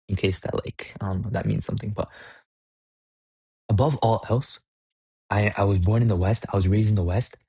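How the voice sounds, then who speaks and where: A man's voice: fairly low pitch, dark tone, breathy edge, no room sound, studio quality. A young man vlogging in a blunt, profane, rambling rant. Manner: blunt, swearing, rambling with restarts. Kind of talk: profane ranting monologue.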